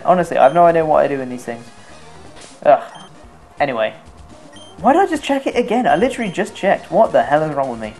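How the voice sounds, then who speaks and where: A young man giving casual, self-mocking commentary over his own video game run, swearing freely. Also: mid-range voice. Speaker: let's play commentator.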